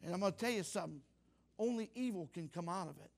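An older man preaching a sermon to young people, folksy and direct, rising to loud fervent exclamations. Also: high-pitched, animated, quick pace, vocal fry. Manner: folksy, addresses youth directly. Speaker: pastor.

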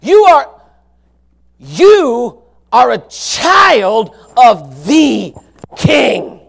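A man preaching a fiery sermon, swinging from low murmurs to shouted passages in a folksy, emphatic way. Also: big pitch swings, extremely slow, gravelly. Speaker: pastor.

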